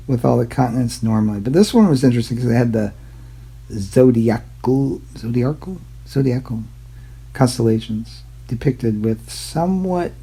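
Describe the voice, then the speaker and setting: A man hosting his own channel in a rambling, irreverent way, swearing casually and mocking himself. His voice is gravelly and dark, with a husky, unclear edge. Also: medium pitch, low-quality recording. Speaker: YouTube channel host. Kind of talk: casual rambling commentary on old maps.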